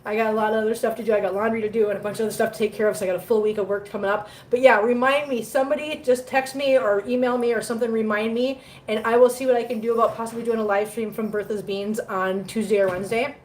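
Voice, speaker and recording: Woman host, high voice, casual gushing live-stream chatter with baby-talk asides, faint background noise. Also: fairly even intonation, fast, hardly any pauses, darkish tone. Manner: gushing, coos at her cats in baby talk. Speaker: cat channel host. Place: home.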